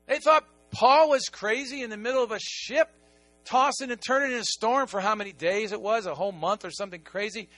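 High, bright-voiced pastor preaching. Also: male voice, no room sound. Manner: animated, swings between quiet asides and excited emphasis. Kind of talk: sermon.

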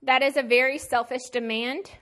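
A woman's voice: sits high, steady tone, normal speed, fairly bright tone. A woman teaching a Bible lesson in a casual sermon style, conversational and emphatic with plain slangy asides.

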